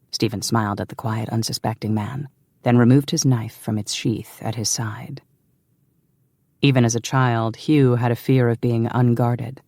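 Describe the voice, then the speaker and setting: Gravelly male audiobook narrator. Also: medium pitch, darkish tone, no room sound, clean studio sound. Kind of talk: scripted narration.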